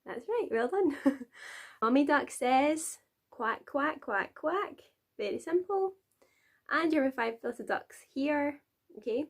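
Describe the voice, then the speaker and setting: A woman's voice: sits high, expressive, slow, pauses often. Cheery Glaswegian woman teaching a rhyme. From Scotland. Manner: chatty and encouraging, with frequent laughs. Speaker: nursery teacher. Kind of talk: friendly tutorial for adults.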